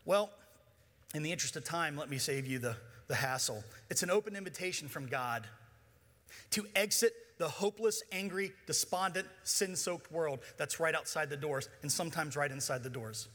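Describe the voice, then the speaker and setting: Playful male pastor, high bright voice, reverberant church hall. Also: normal speed. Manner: playful, joking with the congregation. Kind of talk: sermon. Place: church auditorium.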